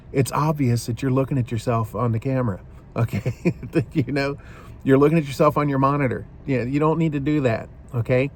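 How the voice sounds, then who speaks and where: A man's voice: medium pitch, a little mellow, slight background noise. A man hosting a shaving video, talking casually to the camera in a rambling way, often repeating himself and saying "you know".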